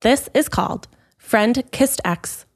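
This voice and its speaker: A woman's voice: on the high side, slow. A woman co-hosting a podcast, chatting casually, laughing often and reading a listener letter aloud. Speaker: podcast co-host. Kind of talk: casual chat.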